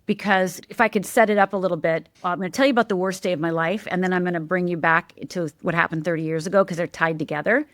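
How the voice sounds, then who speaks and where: A woman's voice: lowish voice, fairly even intonation, fast, hardly any pauses, no room sound. A middle-aged woman, a life coach and podcast guest, telling a personal story candidly and emphatically, often checking in with "right?".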